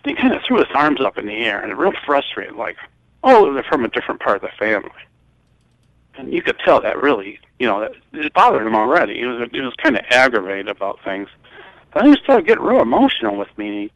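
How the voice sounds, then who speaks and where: A man's voice: medium pitch, big pitch swings, fairly bright tone, no room sound. Older guy from michigan telling a long story, voice jumps all over, dull dry recording. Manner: rambling, halting storyteller with many restarts. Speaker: guest. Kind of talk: recounting a personal story.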